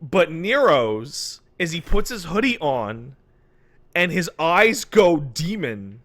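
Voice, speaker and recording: Bright-voiced man co-hosting a podcast. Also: on the high side, slow. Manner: animated retelling, casual swearing. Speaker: podcast co-host. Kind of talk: casual podcast chat.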